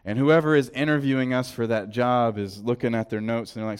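A man's voice: medium pitch, steady tone, clean tone. Southern guy preaching, talks like he's chatting w/ the church, lots of restarts. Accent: Southern American. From American South. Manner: conversational preaching, quick asides and restarts. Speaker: pastor. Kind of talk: sermon.

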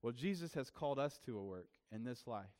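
A man's voice: mid-range voice, animated, a little fast, darkish tone. A man preaching a sermon as pastor, in a casual, conversational way with frequent fillers and restarts.

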